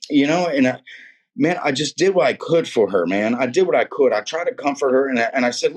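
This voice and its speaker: A man's voice: medium pitch, expressive, brisk, husky. A man sharing his faith testimony in a casual, emphatic storytelling way, slangy and fond of repeating himself. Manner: slangy and emphatic, repeats words, calls listener "man" and "dude".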